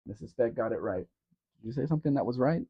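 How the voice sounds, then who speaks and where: A man's voice: medium pitch, animated, quick pace, husky. A man hosting a casual live Q&A stream. He reads out viewer comments and answers them in a chatty, teasing way. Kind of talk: casual livestream chat. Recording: dull lo-fi sound.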